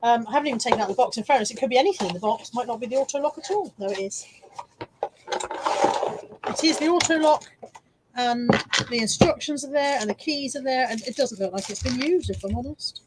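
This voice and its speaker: A woman's voice: a little high, fairly quick, very noisy. A woman hosting a casual live stream, showing car boot finds and reading viewer comments with chatty, self-mocking asides, hiccuping now and then.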